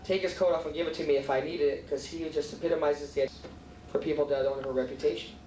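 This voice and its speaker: A man's voice: fairly high pitch, steady tone, fast talker, a little mellow, a little hiss or hum. A middle-aged man giving a heartfelt, rambling thank-you speech at a martial arts banquet dinner, with many restarts. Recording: echoey hall, mic far off, faint room ambience.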